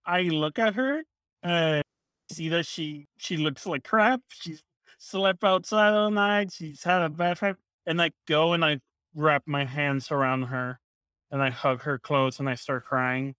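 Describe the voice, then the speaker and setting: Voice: medium pitch, measured pace, fairly bright tone, clear, resonant tone, no room sound, studio quality. A player narrating a tabletop game scene in a rambling, hesitant way, full of filler words.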